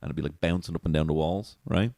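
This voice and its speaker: A man's voice: rumbling low, fairly even intonation, quick pace, gravelly, dark tone, no room sound, studio quality. A man hosting a comedy podcast alone, rambling, swearing and laughing at his own jokes from a small alcove. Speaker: podcast host. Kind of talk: solo comedy podcast monologue.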